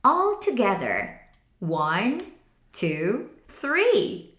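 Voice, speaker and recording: A woman teacher reading a picture book aloud slowly, in an expressive sing-song way. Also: on the high side, echoey room. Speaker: English teacher.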